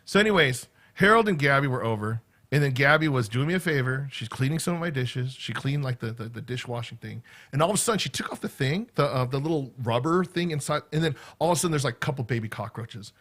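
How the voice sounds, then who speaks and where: A man's voice: medium pitch, animated, fast talker, few pauses, fairly bright tone. A middle-aged man rambling casually to his viewers, stringing stories together with constant "right?" and "okay?" asides. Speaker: vlogger. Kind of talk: casual rambling chat to camera.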